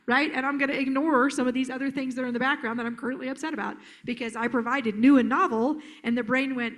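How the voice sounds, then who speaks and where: A woman giving a live conference talk as a therapist, animated and joking, slipping into silly voices. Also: high voice, fast, few pauses.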